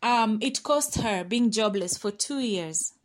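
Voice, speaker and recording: A woman's voice: on the high side, animated, slow pace. A woman presenting a case study, reading a prepared talk with fillers and restarts as she goes. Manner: reads with hesitant fillers and restarts, quotes others aloud.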